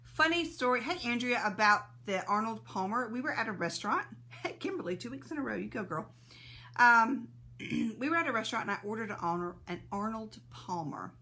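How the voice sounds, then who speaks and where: A woman's voice: fairly high pitch, animated, brisk, sharp tone. A woman hosting a casual live stream, greeting viewers by name and laughing often, a little sneezy and teary-eyed.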